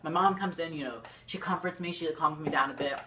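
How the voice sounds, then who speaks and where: A teenage girl with a low, deep-set voice tells a storytime straight to her camera. She rambles and talks in excitable bursts, filling her talk with "like" and restarts. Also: fairly quick, slight background noise. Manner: rambling, lots of "like", excitable swings. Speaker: YouTuber. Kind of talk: storytime vlog. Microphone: camera facing the speaker.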